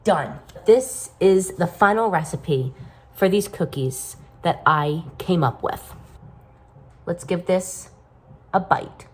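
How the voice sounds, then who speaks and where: A woman filming a casual baking vlog in her home kitchen, excitable and quick to gasp and exclaim. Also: lowish voice. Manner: excitable, gasps and exclaims often. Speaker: vlogger.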